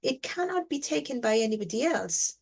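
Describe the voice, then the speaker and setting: A woman's voice: on the high side, very animated, moderate pace, creaky. Emphatic woman teaching a scripture class. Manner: emphatic, repeats words for stress, frequent "you know". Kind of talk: reflective scripture reading and explanation.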